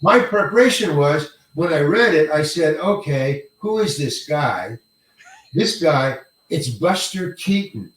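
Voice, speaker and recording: An older man, a working actor, telling stories in an interview in an animated way, acting out the lines of others and swearing casually. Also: a little high, measured pace. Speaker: actor guest. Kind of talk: storytelling interview. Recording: echoey room, mic far off.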